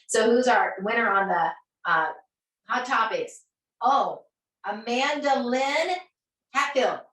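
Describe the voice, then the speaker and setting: A woman hosting a live sales team video, bubbly and quick to laugh, announcing prize winners. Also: medium pitch, expressive, pushed and bright. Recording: echoey room, far from mic.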